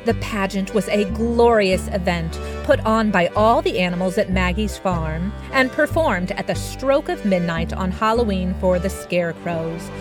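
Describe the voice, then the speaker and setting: Slow, gentle woman reading a storybook. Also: medium pitch. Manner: expressive, puts on character voices. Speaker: author and narrator. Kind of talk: storybook narration. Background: background music.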